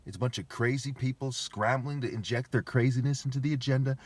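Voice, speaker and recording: A man's voice: medium pitch, quick pace. A man talking alone to camera in a rambling, emphatic monologue, repeating himself and firing off rhetorical questions.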